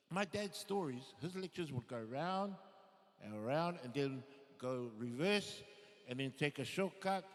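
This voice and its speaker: A male comedian telling stories as stand-up comedy, lively and acting out the people he quotes. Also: sits high. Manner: animated, acts out quoted voices. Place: live show in an arts and events centre. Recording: reverberant theatre hall.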